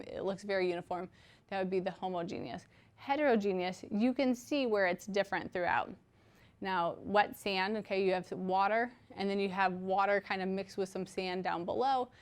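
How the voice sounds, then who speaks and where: A woman's voice: mid-range voice, smooth. A woman teaching a recorded chemistry lecture, explaining patiently with everyday examples and checking in with "okay?" as she goes. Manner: conversational, frequent "okay?" check-ins.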